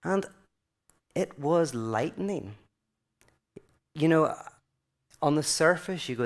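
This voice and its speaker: A man's voice: on the high side, lively intonation, takes it slowly, long pauses. A man giving a loose, conversational talk at a weekend event, full of fillers, acting out quoted voices as he goes. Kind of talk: casual conference talk.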